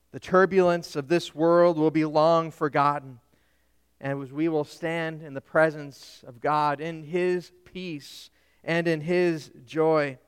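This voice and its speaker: A man's voice: high voice, fairly bright tone, clear, resonant tone, in a large hall. A man, a Lutheran pastor, preaching a sermon emphatically and putting questions to the congregation.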